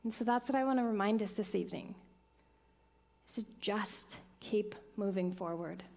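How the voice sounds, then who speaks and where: A middle-aged woman minister telling a personal story in a sermon, dropping to hushed whispers and rising to excited, emphatic bursts. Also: mid-range voice, moderate pace, creaky.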